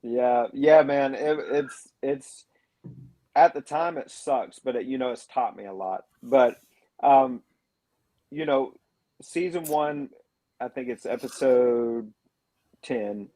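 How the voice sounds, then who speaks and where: A man, a paranormal investigator on a radio show, telling his experiences in an earnest, reflective way with many pauses and fillers. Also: mid-range voice, mellow, dry recording. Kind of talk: telling a story in a radio interview.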